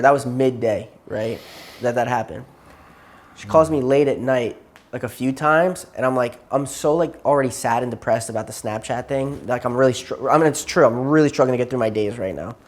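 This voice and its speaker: A man's voice: mid-range voice, darkish tone. Rambling, worn-out young man telling a story. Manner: rambling, repeats himself, acts out quotes. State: burnt out and tired. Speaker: client in therapy session. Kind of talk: casual storytelling in therapy.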